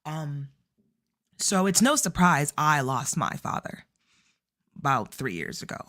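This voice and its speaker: A woman speaks on a convention panel at a mid pitch. She talks very slowly and deliberately, with heartfelt pauses. It has the feel of personal storytelling. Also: big pitch swings, fairly bright tone.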